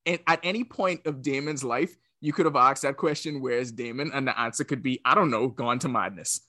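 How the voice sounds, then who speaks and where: A man telling a story in a wry, laid-back way during a casual podcast chat. His voice is bright and forward. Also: mid-range voice, a little fast.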